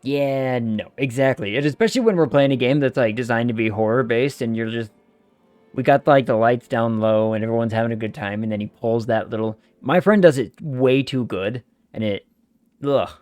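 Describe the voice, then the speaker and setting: A man's voice: medium pitch, moderate pace, darkish tone, no echo. Male streamer, casual and chatty, dry mic with faint game music behind. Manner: chatty, loose, swears casually. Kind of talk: casual gaming stream chat.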